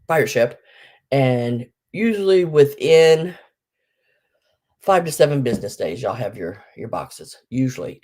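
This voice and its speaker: A woman's voice: extremely low pitch, mellow. A middle-aged woman hosting a live online sale, chatting casually and rambling as she greets viewers by name, her voice still groggy from just waking up. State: groggy morning voice, just woken up. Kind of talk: casual livestream chat.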